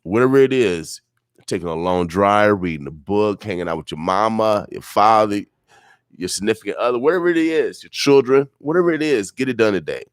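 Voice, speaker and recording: A man's voice: on the low side, lively intonation, a little fast, smooth, no echo. A middle-aged man hosting a morning radio show, chatting casually and rambling with repeated catchphrases in a studio. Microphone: studio microphone.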